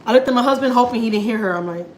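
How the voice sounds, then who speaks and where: A woman's voice: fairly high pitch, rapid-fire, a little mellow, slight background noise, rough recording. A woman chatting casually to her live viewers while cooking in her home kitchen. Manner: chatty, slangy, laughing asides. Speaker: family vlogger.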